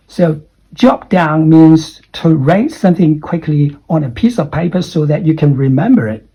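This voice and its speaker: Slow, husky-voiced man teaching English. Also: a little high, mellow, rough recording. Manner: spells out words letter by letter and keeps checking with "okay?". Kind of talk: explaining errors in an online English lesson.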